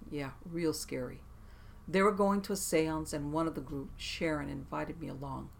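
A mid-pitched narrator with a gravelly edge reads true scary stories in a steady, measured way. The delivery sinks to a hushed tone at the eeriest moments. A faint hiss sits under the voice.

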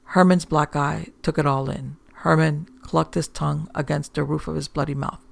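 A man reading a first-person story aloud in a wry, deadpan manner. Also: a little high, moderate pace, creaky, no room sound. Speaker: audiobook narrator.

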